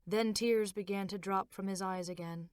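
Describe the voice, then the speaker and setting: Woman author narrating her own novel, smooth clear voice, dry close recording. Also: medium pitch, dry recording. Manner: measured, expressive reading. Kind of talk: audiobook narration.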